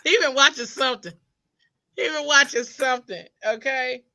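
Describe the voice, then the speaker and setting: A woman's voice: high-pitched, sharp tone. A woman co-hosting a casual group podcast, laughing often as she talks. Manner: laughs a lot, drawn-out slow delivery. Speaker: podcast co-host.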